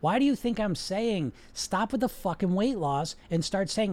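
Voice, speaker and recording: A man's voice: high-pitched, expressive, normal speed, hardly any pauses, darkish tone. A man coaching on weight loss in a blunt, emphatic, profane way, repeating words for stress as he talks to a live chat.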